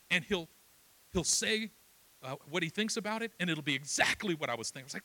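A man's voice: sits high, lively intonation, brisk, sharp tone. A middle-aged man preaching a sermon with passion, telling stories and acting out dialogue. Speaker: pastor.

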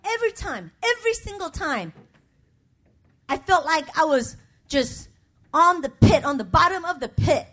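Very high-pitched and highly animated, with a fairly bright tone, a middle-aged woman pastor speaks at normal speed but leaves long pauses. She gives a confessional, emotional sermon, calling for congregational responses and making personal, conversational asides.

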